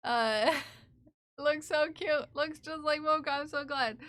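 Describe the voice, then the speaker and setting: Bright, high-voiced woman chatting slowly. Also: level tone. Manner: playful, laughing, talks to chat and her cat. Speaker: knitting streamer. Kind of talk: casual live-stream chat.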